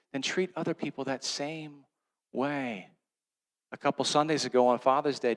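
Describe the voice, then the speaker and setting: Storytelling man preaching a sermon. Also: on the high side. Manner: conversational storytelling, swings from loud to hushed. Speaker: pastor.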